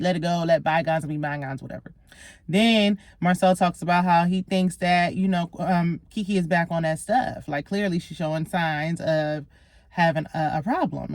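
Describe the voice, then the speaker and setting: A woman's voice: fairly low pitch, no room sound, studio quality. A woman, recapping a reality show in casual, sassy chat straight to her viewers.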